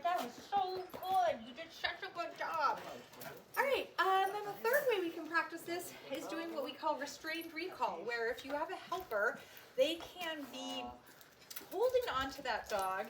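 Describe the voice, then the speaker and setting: A very high-pitched, animated woman dog trainer gives upbeat instructions outdoors and pours praise on the dog. She is far from the mic, with a roomy echo and noise around her. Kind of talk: instructional demo. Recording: outdoor, distant, echoey, noisy.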